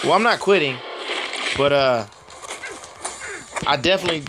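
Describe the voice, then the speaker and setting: Hoarse, chatty gaming commentator. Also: male voice, a little high, lively intonation, moderate pace, very noisy. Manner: chatty, laughs at himself, talks to viewers. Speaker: mobile game commentator. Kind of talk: casual gameplay commentary. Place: home.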